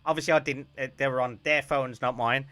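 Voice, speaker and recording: A man chatting casually on a stream, telling a story with animated bursts of loud, laughing shouts. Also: medium pitch, a little fast.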